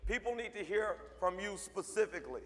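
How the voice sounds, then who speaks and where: High-voiced man giving a motivational talk. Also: expressive, brisk. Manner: punchy, joking, talks straight to the crowd. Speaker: motivational speaker. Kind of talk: motivational speech to a student audience. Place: large hall at a school assembly. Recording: long hall reverb.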